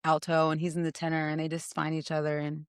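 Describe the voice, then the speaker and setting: Low-pitched woman hosting a podcast. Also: quick pace, clear, resonant tone, no echo, studio quality. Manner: playful, teasing, animated. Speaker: podcast host. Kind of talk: casual conversational storytelling.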